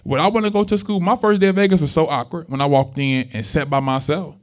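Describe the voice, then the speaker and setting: Animated young man, slangy motivational talk. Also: on the high side, fast. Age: young adult. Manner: animated, conversational storytelling with street slang. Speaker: motivational speaker. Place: room with a live student audience. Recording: dull lo-fi recording.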